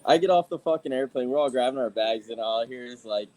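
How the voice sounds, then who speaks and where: A man's voice: mid-range voice, fast talker, darkish tone, low-quality recording. A male podcast guest bantering crudely, saying "dude" after nearly every phrase. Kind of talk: casual chat.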